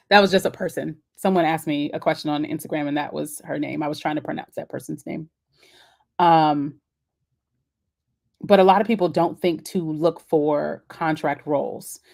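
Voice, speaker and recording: A woman's voice: deep voice, a little slow, creaky, long pauses. A woman hosting a casual live-stream Q&A, chatty and encouraging as she answers viewers' comments on the fly. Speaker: host of a live Q&A.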